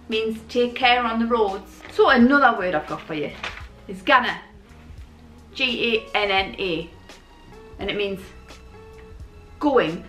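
A woman in her forties with a Geordie accent talks to camera in a loose, chatty vlog style that wanders a bit. Her voice sits fairly high. The room is echoey, with faint music underneath. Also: normal speed, a bit bright. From Newcastle, England. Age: 40s. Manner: chatty, rambling, self-deprecating. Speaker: YouTuber. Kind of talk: casual chat to camera.

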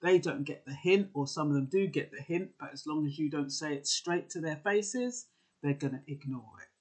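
A man talks through relationship advice in an earnest, conversational way, pausing on fillers and restarting his sentences. His voice sits a little high for a man and has a husky, breathy edge. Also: lively intonation. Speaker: advice vlogger. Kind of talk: casual advice talk.

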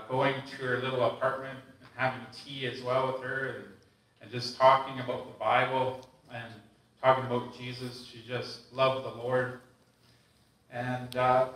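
A man sharing an earnest, halting memory at a memorial service, clearing his throat now and then. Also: medium pitch, fairly bright tone. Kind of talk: memorial tribute. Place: church hall. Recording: echoey church hall, distant mic.

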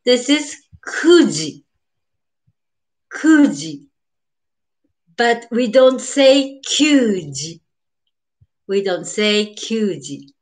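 An older woman with a Japanese accent teaching beginners, slowly repeating each word, greeting viewers and laughing often. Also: on the high side, big pitch swings. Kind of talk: live-streamed beginner language lesson.

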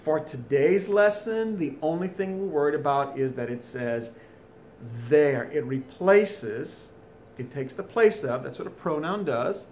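A man's voice: a little high, darkish tone, a little hiss or hum. Chatty sounding male teacher. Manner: chatty, folksy asides between explanations. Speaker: French teacher. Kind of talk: recorded video lesson. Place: home, during school closure.

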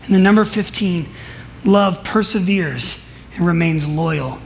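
High-voiced, emphatic male preacher. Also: measured pace, vocal fry, a little hiss or hum. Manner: emphatic storytelling, swings between soft asides and loud declarations. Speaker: pastor. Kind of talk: sermon. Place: church service.

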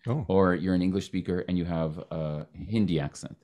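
A man from Canada hosting a podcast, talking in an animated, joking way with quick restarts. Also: low-pitched. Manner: animated, talks fast with restarts and jokes. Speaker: podcast host. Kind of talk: casual interview chat.

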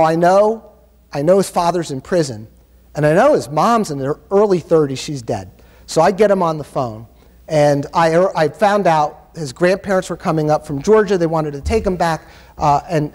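A man's voice: fairly high pitch, moderate pace, a little mellow. A man giving a conference keynote, telling stories in an emphatic, impassioned way. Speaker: keynote speaker. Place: university conference hall. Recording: long hall reverb.

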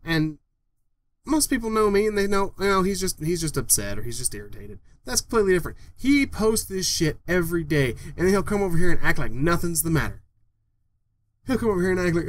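A man's voice: sits high, sing-song, fairly quick. A young man vlogging an angry, profane rant, repeating himself as he vents. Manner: heated, profane, repetitive ranting.

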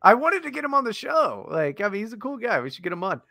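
A man's voice: high-pitched, very animated, creaky, bright, forceful tone, dry recording, studio quality. A man co-hosting a podcast, rambling and swearing in casual banter and laughing at his own jokes. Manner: rambling, profane, quick to laugh. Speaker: podcast co-host.

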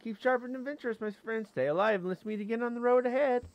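A bold and friendly female bug warrior from a game, as a man puts her on. The voice sits high and lilting, reading each line with a cheery, adventurous swing. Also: fast, dry recording, muffled recording. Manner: reading game dialogue aloud in a raised, lilting voice.

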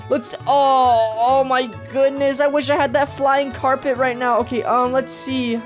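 A woman hosting a gaming video with excited, exclamatory commentary, full of gasps and cheers. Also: high voice, unhurried, faint music behind.

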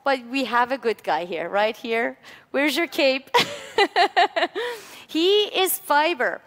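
Woman lecturer, high and animated, playful, in a lecture hall with a long echo. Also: takes it slowly. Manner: animated, playful, coaxing volunteers. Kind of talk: lively classroom lecture with demonstration.

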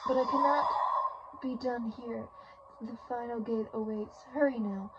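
A woman reading aloud the lines of an imperious ancient captive god in a solemn, commanding way, over muffled audio with loud game music. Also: on the high side, fairly even intonation, a little slow, very noisy, lightly acted.

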